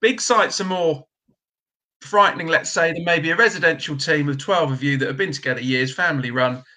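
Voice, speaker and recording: A man's voice: a little high, fairly quick, pushed and bright. A middle-aged man hosting a live stream, reading out viewer comments in a chatty, blunt way with lots of ums. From Britain. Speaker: host of a trades live stream.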